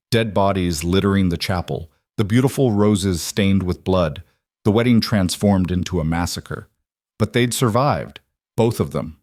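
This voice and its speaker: Low-voiced man narrating a romance story. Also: darkish tone, no room sound, studio quality. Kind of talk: scripted romance audiobook narration.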